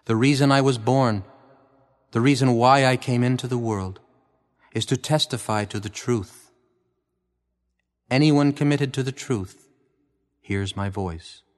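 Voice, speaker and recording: A man reading Jesus, calm and measured. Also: mid-range voice, in a large hall, close to an everyday voice. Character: Jesus, calm grown man answering questioners. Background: faint guitar music.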